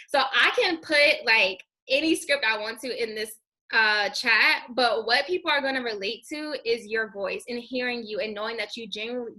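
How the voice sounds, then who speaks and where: A young woman giving a casual, high-energy training talk to her sales team, chatty and upbeat. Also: sharp tone. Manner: high-energy, chatty, says "girl" and "you guys" a lot. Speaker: network marketing team trainer.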